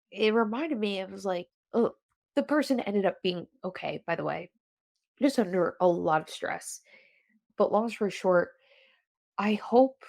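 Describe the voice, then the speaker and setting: A woman hosting a solo podcast, chatting in a rambling, animated way with many self-interruptions. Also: mid-range voice, vocal fry, no room sound, studio quality. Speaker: podcast host. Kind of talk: casual solo podcast chat.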